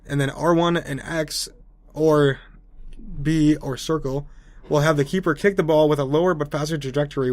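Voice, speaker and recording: A man's voice: fairly high pitch, no echo. Chatty young man hosting gaming news. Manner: chatty, opinionated, sarcastic asides. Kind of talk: casual gaming news commentary.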